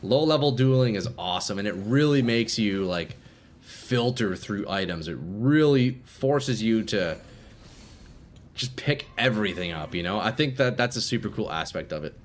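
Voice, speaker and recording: A man's voice: on the low side, lively intonation, normal speed. A young man streaming a game live, chatting casually with viewers and swearing freely. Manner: laid-back, swears freely, chats with viewers.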